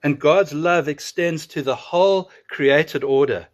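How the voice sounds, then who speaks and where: Earnest man preaching a sermon. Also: on the high side. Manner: earnest, with emphatic drawn-out pauses. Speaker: pastor.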